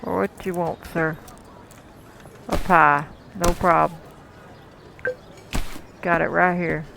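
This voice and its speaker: A man's voice: a little high, flat delivery, takes it slowly, vocal fry, bright, forceful tone, a little hiss or hum, low-quality recording. A man casually commenting while playing a cooking game, talking to the customers and chuckling often. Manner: chatty, talks to the game's customers, chuckles often. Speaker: gameplay commentator.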